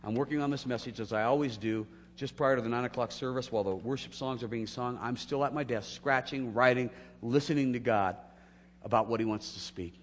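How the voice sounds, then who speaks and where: A man preaching a sermon as pastor, telling a story and acting out the dialogue, swinging from hushed to loud. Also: mid-range voice, a little fast, big-room sound, slight background noise.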